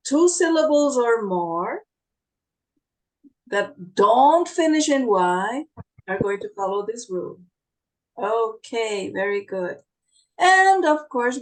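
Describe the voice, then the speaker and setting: A woman's voice: fairly high pitch, poor audio. A woman teaching an online English class, explaining grammar patiently and encouragingly. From Brazil. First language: Portuguese.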